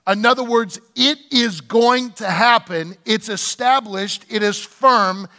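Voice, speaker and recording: Man, pastor, sermon, slow and unhurried delivery, long church reverb. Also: high-pitched, pushed and bright. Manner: preaching with call-and-response to the congregation. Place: church sanctuary.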